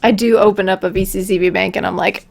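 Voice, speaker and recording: A woman's voice: medium pitch, steady tone, quick pace, vocal fry. A woman on a casual livestream, answering viewer questions in a rambling, giggly, self-deprecating way.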